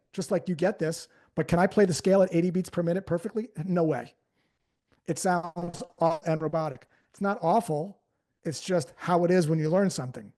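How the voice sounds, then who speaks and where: A man coaching a sales team live on stage, energetic and conversational, acting out phrasings as he goes. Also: high-pitched. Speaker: sales trainer. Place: on stage before an audience.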